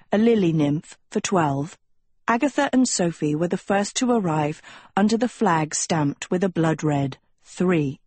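A woman reads a novel aloud at an unhurried pace, her low voice soft and husky. The narration is measured and even, recorded dry and close with no room sound. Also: no room sound. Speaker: audiobook narrator. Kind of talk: scripted narration.

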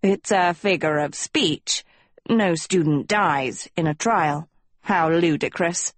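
A woman's voice: fairly low pitch, slow, dry recording. A woman voicing a pompous talking dog who reads out school rules in a formal, lecturing way. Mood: reassuring. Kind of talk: audiobook character voice.

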